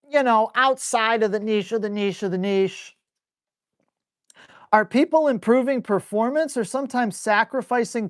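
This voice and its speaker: A man working as a dog trainer, answering viewer questions on a live stream in a blunt, rough-talking way and playfully scolding dogs out loud. He is animated, speeding up and then drawing words out. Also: high voice. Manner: animated, switches between brisk and drawn-out speech. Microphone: live stream mic.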